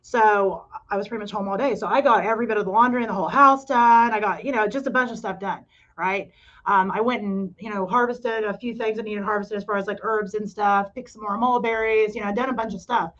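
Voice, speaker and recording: Middle-aged woman, rambling and self-deprecating, even-pitched voice, lo-fi dull sound. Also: fairly quick. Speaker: podcast co-host and cafe owner. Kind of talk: casual chat.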